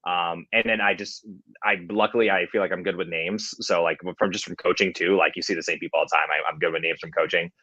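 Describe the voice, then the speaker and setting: A man's voice: low-pitched, fairly even intonation, fast, bright, forceful tone, dry recording, muffled recording. A man who works as a competition MC and coach, chatting casually with many fillers and restarts. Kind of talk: casual podcast chat.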